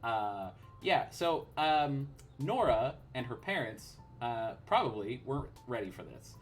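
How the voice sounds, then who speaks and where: A man narrating a tabletop role-playing game as game master, relaxed and full of fillers. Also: medium pitch, a little slow, faint music behind.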